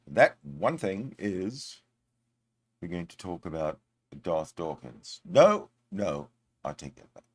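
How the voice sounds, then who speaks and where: A man's voice: low voice, slow, breathy edge. Man giving sarcastic reaction commentary. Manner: mocking, deadpan asides. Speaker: reaction show host.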